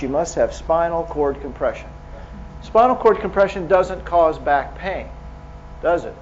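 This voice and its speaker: A man's voice: fairly high pitch, highs cut off, slight background noise. A man giving a live lecture to clinicians, speaking casually and asking the audience rhetorical questions. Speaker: medical lecturer.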